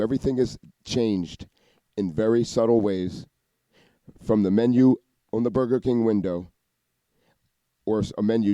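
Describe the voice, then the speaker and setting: A man in a rambling monologue, talking fast and cursing a lot, often restarting and jumping between ideas. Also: lowish voice, dark tone, no echo. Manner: rapid, profane, restarts and jumps between ideas. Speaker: vlogger.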